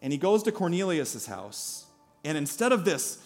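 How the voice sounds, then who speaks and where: A pastor preaching a sermon at a church service, telling a story in a lively way with asides to the congregation. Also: male voice, a little high, moderate pace, faint music behind.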